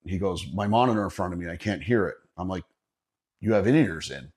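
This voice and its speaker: A middle-aged man with a fairly low voice shares a gig story on a podcast. He talks in a loose, conversational way, swears freely and laughs often as he goes. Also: animated, fairly quick, darkish tone. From Northeastern Pennsylvania. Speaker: podcast guest. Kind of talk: casual storytelling chat.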